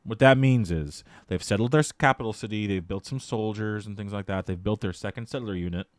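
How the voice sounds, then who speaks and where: A man's voice: on the low side, fairly quick. A male streamer chatting casually on a live stream and ranting animatedly, with plenty of swearing.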